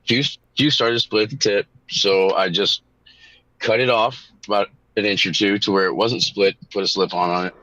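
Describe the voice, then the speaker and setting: A man on a panel, chatting casually, blunt and swearing freely as he tells animated stories. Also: fairly low pitch, moderate pace, dry recording. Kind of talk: casual chat. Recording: dull lo-fi mic.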